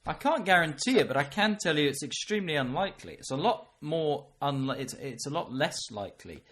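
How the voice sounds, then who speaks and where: A man's voice: on the high side, very animated, brisk, fairly bright tone. A man co-hosting a casual podcast chat, wry and chatty, posing hypothetical questions. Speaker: podcast co-host.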